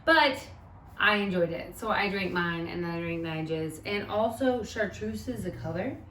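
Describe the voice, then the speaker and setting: A woman co-hosting a travel vlog, chatting casually and telling stories in an animated way. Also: medium pitch, moderate pace, far from the mic. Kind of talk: casual chat. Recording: roomy, from the mic, faint hiss.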